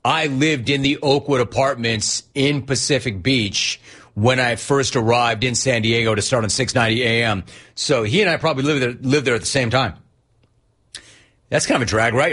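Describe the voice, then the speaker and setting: A man hosting a talk radio show, riffing on callers in an energetic, mock-exasperated way. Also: mid-range voice, slightly rough. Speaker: radio sports talk host.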